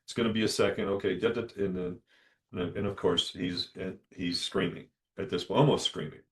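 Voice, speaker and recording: Lower-voiced man telling a lively story. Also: brisk. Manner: animated, acts out dialogue in lively voices. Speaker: dentist podcast host. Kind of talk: solo storytelling monologue.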